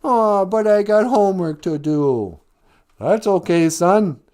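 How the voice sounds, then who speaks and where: A man's voice: high voice, animated, takes it slowly, warm tone, pitched above the performer's own voice. A man voicing an overly cheerful, wholesome sitcom-style parent in a goofy, exaggerated way.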